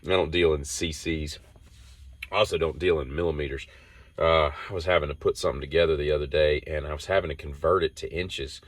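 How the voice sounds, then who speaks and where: A man's voice: extremely low pitch, steady tone, a little fast, no echo. A man, hosting a rambling solo monologue and telling off-the-cuff stories that wander. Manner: meandering, off-the-cuff storytelling. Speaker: host.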